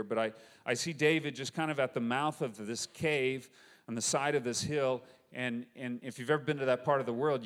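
Preacher man in a reverberant hall. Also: mid-range voice. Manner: animated, acts out quoted voices, imaginative retelling. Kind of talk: storytelling sermon.

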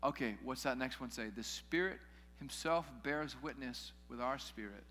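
A man's voice: mid-range voice, normal speed, pushed and bright, soft background music. A man preaching a sermon in a casual way, with joking asides to his listeners. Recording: long hall reverb.

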